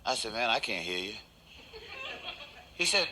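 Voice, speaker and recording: A man's voice: lowish voice, very animated, measured pace, sharp tone, slight background noise. A man doing a laid-back stand-up routine on a television stage, chuckling at his own jokes. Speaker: stand-up comedian.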